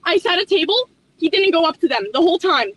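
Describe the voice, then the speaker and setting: A young woman working as a restaurant hostess, ranting fast and profanely in an exasperated storytime vlog. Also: very high-pitched, animated, fairly bright tone, no echo, rough recording.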